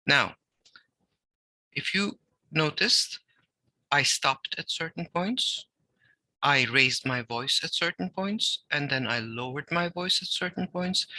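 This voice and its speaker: A typography teacher with a bright, mid-range voice gives a recorded design lecture. He explains things and reads text aloud, using deliberate pauses and emphasis. The recording is dry and poor in quality.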